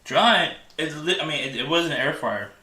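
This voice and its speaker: A man's voice: on the high side, animated, normal speed, roomy sound, crowd noise. A man hosting a casual livestream from his home kitchen, eating and answering chat with many restarts and mumbled tasting sounds. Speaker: livestream host.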